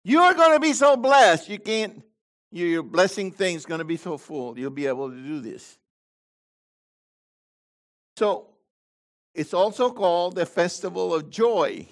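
Male pastor preaching; pitched high, unhurried, punchy loud emphases that drop to quiet asides. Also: lively intonation. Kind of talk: sermon.

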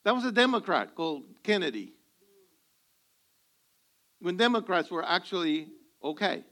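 A man's voice: high voice, very animated, normal speed, fairly bright tone. A male pastor preaching to a congregation, telling humorous stories and acting out bits of dialogue. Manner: humorous storytelling, acts out dialogue. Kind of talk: sermon.

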